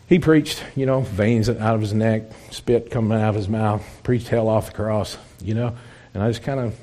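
A man's voice: lowish voice, darkish tone. A man, a former biker, telling his testimony in a folksy, plainspoken way and acting out the dialogue. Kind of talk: storytelling testimony.

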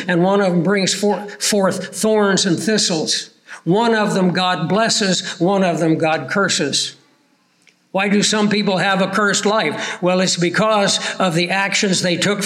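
A man preaching a sermon, slowing down to stress his points. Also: sits high, fairly bright tone.

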